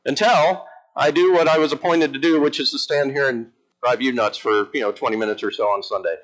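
A man who is an Episcopal priest, preaching a lively, emphatic sermon in church with humorous asides. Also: mid-range voice, fairly quick, poor audio.

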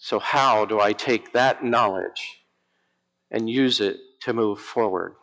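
A man who is an Episcopal priest, preaching a lively, emphatic sermon in church with humorous asides. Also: on the low side, slow pace, low-quality recording.

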